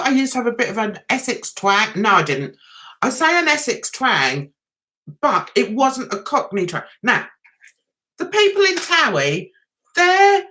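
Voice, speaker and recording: A woman's voice: sits high, sharp tone. A middle-aged woman from London with a London accent, chatting casually with viewers on a livestream, greeting them by name and reading out their comments. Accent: London English. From London, England. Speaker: livestream host.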